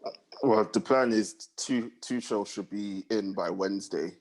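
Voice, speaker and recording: A man's voice: fairly low pitch, unhurried, a little mellow. A man, chatting casually about football on a podcast and prompting his co-host.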